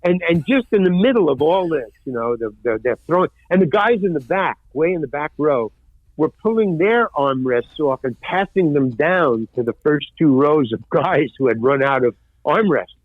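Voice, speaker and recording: An older man, a former stand-up comic, telling lively anecdotes in an interview and acting out the voices of people he quotes. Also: fairly high pitch, normal speed, no room sound. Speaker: guest, actor and former stand-up comedian. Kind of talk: storytelling interview. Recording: dry, tinny phone-like line.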